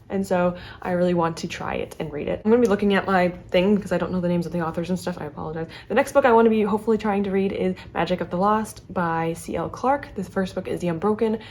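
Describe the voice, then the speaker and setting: A young adult woman chatting casually to camera as a book vlogger, talking fast and chattily with many fillers and restarts. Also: mid-range voice, darkish tone.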